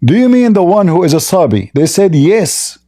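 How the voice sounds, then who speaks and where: Scornful man with a dark, mellow voice. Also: high-pitched, sing-song, normal speed. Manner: mocking, scornful, repeats rhetorical questions. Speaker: religious debate host. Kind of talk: combative religious debate monologue.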